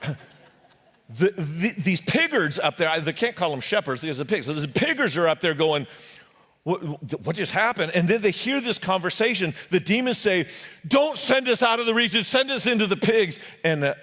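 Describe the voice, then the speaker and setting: A man preaching a sermon as a pastor, telling the story in an animated way with jokes and voices for the characters. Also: a little high. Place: church sanctuary. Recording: long hall reverb.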